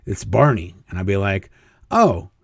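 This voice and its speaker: A man's voice: mid-range voice, normal speed, a little mellow, no echo, clean studio sound. A man as an interview guest, telling stories casually, chuckling often and acting out quoted dialogue. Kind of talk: casual storytelling.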